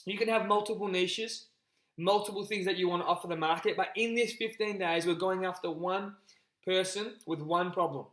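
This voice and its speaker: A man coaching a group on a live call, energetic and repetitive, often calling his listeners guys. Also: high voice, moderate pace, roomy sound, rough recording. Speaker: business coach.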